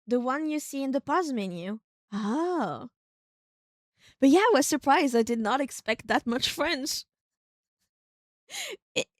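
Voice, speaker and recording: A woman streaming a video game, chatting casually, thinking aloud in a rambling way with sudden excited outbursts. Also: fairly high pitch, no echo, studio quality.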